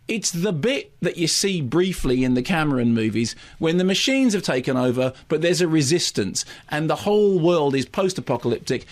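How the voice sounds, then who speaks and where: A man, a film critic riffing wryly on a radio review show, with quick stammered restarts. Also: on the high side. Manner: rapid, wry, tangent-prone with stammered restarts.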